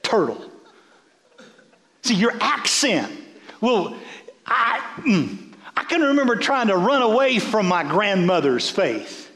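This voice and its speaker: A man's voice: high voice, very animated, measured pace, sharp tone, echoey room. A man, a bishop, preaching a folksy sermon, repeating words as he builds.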